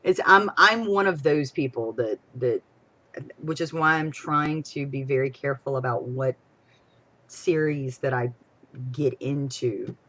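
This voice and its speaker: A young woman chatting casually as a co-host on a live stream, rambling and excitable, swinging between loud bursts and soft trailing asides. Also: a bass voice, unhurried. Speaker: podcast co-host.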